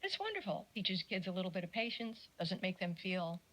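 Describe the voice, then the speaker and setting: A woman's voice: fairly low pitch, a little fast, low-quality recording. Chatty woman giving a casual talk. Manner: chatty, animated, with jokey asides and acted-out quotes. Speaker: speaker giving a talk on parenting. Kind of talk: casual lecture.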